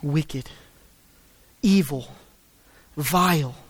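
A man preaching a sermon, swinging between loud emphatic stresses and low quiet asides. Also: drawn-out words, no echo. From United States. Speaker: pastor.

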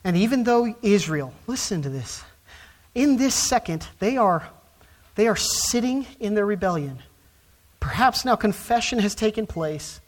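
Male pastor, sermon delivery, emphatic, soft then loud, rising to fervent peaks. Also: high voice, lively intonation, measured pace. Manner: emphatic preaching with wide swings from soft to loud.

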